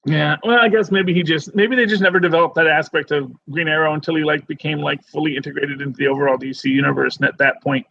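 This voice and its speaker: A man co-hosting a podcast in casual chat, rambling and animated with many restarts. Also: on the high side, fast, vocal fry, hardly any pauses, muffled recording. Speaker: podcast co-host.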